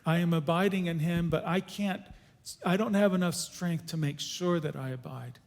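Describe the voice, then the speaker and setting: A man giving an earnest, halting testimony as a guest speaker at a church conference question-and-answer session. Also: on the high side. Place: church auditorium. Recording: echoey church hall.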